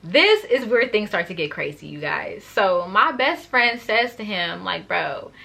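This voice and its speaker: A young woman telling a story to her viewers in a chatty, animated way. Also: mid-range voice, a little slow, creaky. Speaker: vlogger. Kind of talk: story time vlog.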